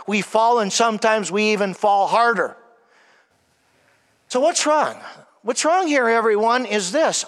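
A man preaching a sermon, emphatic, often calling out to "everyone", sometimes dropping to a soft hush. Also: high voice, lively intonation, unhurried, long pauses. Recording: long hall reverb.

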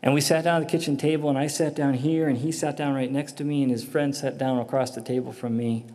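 A man telling a personal faith testimony in an animated storytelling way, acting out the voices in it. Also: mid-range voice, fast talker, long reverb tail. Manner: animated storyteller, acts out dialogue. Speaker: speaker giving a personal testimony.

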